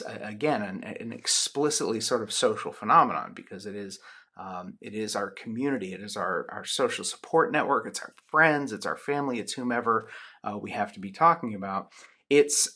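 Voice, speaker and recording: A man's voice: mid-range voice, sharp tone, breathy edge. A man lecturing on sociology in a loose, chatty way, with many ums and restarts. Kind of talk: recorded lecture with personal anecdote.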